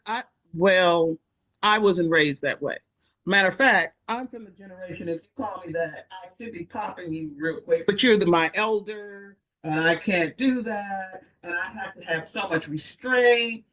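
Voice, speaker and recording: Woman telling a story deliberately. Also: on the low side, a bit bright, no echo. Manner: deliberate, with drawn-out pauses. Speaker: oral history interviewee. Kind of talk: personal storytelling.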